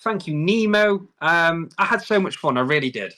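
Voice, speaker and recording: A man's voice: on the high side, expressive, normal speed, sharp tone. A man hosting a live stream, chatting casually and effusively, often repeating words as he talks. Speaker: host. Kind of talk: casual livestream chat.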